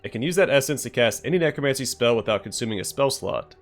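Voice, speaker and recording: A man's voice: medium pitch, expressive, quick pace, faint music behind. A man hosting a let's play, reading item descriptions aloud with dry, joking asides. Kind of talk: gameplay commentary, reading item text aloud.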